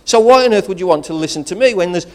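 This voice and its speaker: A man's voice: sits high, expressive, racing, a little mellow. A man with a regional English accent, preaching a sermon as pastor, rousing and conversational, with calls of praise. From England.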